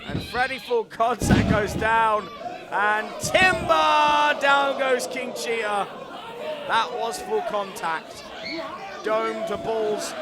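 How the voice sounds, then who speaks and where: A man calling a wrestling match live, excitable and joking, often shouting over the action. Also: high voice, slow. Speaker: wrestling commentator. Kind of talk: live play-by-play commentary. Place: indoor wrestling venue. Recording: loud live crowd and arena noise.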